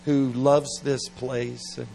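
A middle-aged man preaching at a revival service, animated and playful, with laughing asides. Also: mid-range voice, slow, gravelly, poor audio. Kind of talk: revival sermon.

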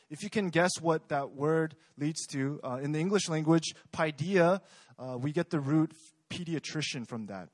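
Young guy giving a chatty sermon, kinda high voice, dry close sound. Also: dry recording. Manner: conversational, asks the audience questions. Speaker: preacher.

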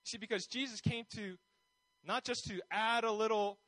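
Pastor, man, high-pitched, delivers a casual sermon and acts out the people he quotes, dry recording. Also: steady tone, moderate pace, a bit bright, no echo, poor audio. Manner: conversational, many fillers, acts out quoted voices.

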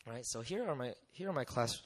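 Animated man telling a mission story. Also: medium pitch, a little fast. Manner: animated storyteller, acts out voices, laughs often. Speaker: missionary speaker. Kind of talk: storytelling testimony talk.

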